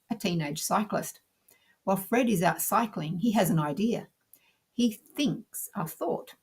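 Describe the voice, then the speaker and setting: Calm husky woman narrating a lesson. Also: on the low side. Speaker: teacher. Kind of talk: scripted narration.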